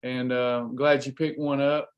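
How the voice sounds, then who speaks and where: A man's voice: mid-range voice, level tone, moderate pace, lo-fi sound. A man coaching weight loss on a live stream, chatting casually and greeting viewers by name in an upbeat, folksy way.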